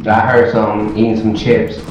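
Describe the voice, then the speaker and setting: A man's voice: fairly low pitch, level tone, unhurried, highs cut off. A man hosting a casual gaming stream, laughing constantly and swearing playfully. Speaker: streamer host. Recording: echoey room, loud game music.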